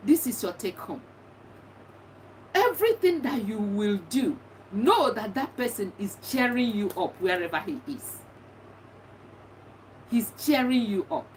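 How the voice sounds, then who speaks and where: In this personal testimony, a bereaved middle-aged mother speaks in a fairly high, animated voice, a little slowly and with long pauses. She gives sincere, encouraging advice, repeating herself often, and the distant mic picks up faint background noise.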